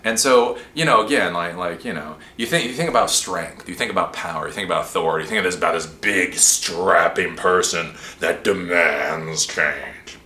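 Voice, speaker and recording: A man hosting a show, answering a viewer's question in a rambling, animated way. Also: deep voice, moderate pace, echoey room. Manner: rambling, animated, with frequent laughs and restarts. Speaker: host.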